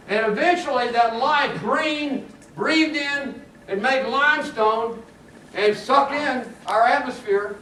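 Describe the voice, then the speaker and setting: A man with a very high voice gives a geology lecture. He is lively and jokey, laughing at his own asides. The sound is roomy and picked up from a distance. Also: slight background noise. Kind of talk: classroom lecture. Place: lecture room. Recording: echoey classroom recording from far off.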